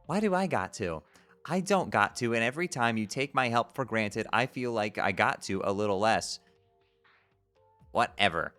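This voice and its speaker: A man on a casual live stream reads a webcomic aloud in a fairly low voice with a forceful, bright edge. He trips over made-up words and swears freely. He drops out of the text to laugh and joke about what he is reading. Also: lively intonation, moderate pace, faint music behind. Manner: breaks off reading to laugh and comment.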